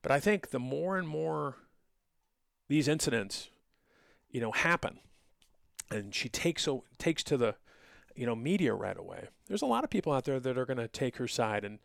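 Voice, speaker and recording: Man, middle-aged, podcast host, gravelly voice, sarcastic lecturing tone, dry close sound. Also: mid-range voice, big pitch swings, normal speed, no room sound. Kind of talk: solo podcast commentary.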